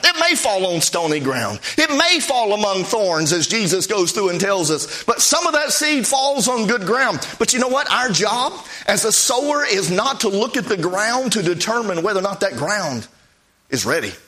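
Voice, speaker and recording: A man who is a Baptist preacher, telling stories in a folksy, animated sermon with acted-out quotes. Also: high voice, moderate pace. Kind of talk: storytelling sermon.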